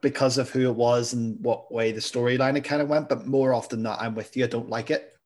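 A man co-hosting a podcast, chatting casually in a measured way that hedges his views. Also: medium pitch, steady tone, a little mellow. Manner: measured, hedging with "I suppose" and "kinda". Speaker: podcast co-host. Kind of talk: casual chat.

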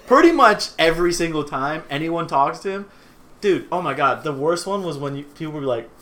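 A man's voice: fairly high pitch, animated, moderate pace, a bit bright. A young man co-hosting a casual podcast, joking and laughing, saying "dude" a lot, recorded in a small apartment on a desk microphone set a few feet away. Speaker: podcast co-host. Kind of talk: casual chat. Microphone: one shared desk mic about three feet away.

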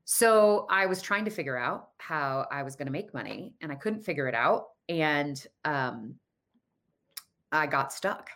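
A woman's voice: sits low, animated, a little slow, fairly bright tone. A woman in her thirties telling a personal story in casual conversation, acting out the dialogue in quoted voices.

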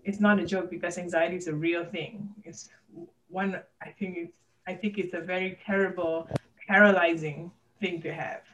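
A woman's voice: lowish voice, fairly even intonation, moderate pace, a bit bright, far from the mic, a little hiss or hum, rough recording. A woman talking candidly and earnestly as a podcast guest, open about her personal struggles.

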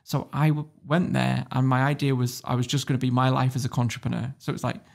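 A man's voice: mid-range voice, level tone, fast talker, vocal fry, darkish tone. A man telling a story as a podcast guest, blunt and swearing freely, laughing as he goes. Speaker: guest entrepreneur. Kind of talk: casual storytelling.

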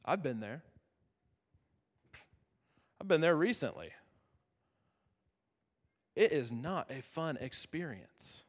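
A man's voice: on the high side, sing-song. Earnest male preacher in reverberant chapel. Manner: earnest and conversational, dramatic pauses, softens to near-whisper. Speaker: youth pastor. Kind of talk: sermon.

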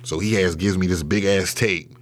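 The interview guest speaks at a normal speed in a low-pitched voice with fairly even intonation. His storytelling is loose and profane, packed with fillers and restarts.

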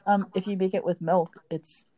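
A woman's voice: mid-range voice, steady tone, moderate pace, dark tone, no room sound. A young woman co-hosting a podcast in casual chat, giggly and playfully stubborn. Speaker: podcast co-host.

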